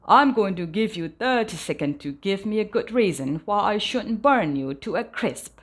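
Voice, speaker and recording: A woman's voice: medium pitch, animated, normal speed, natural voice. A woman voicing a huge, blustering male dragon in a children's storybook read-aloud, bellowing threats. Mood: threatening. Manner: bellowing threats, then giggling pleas.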